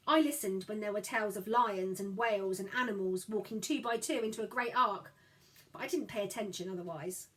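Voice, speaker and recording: A woman narrating a story in the first person, expressive and voicing each character. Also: medium pitch, rough recording. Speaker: audiobook narrator.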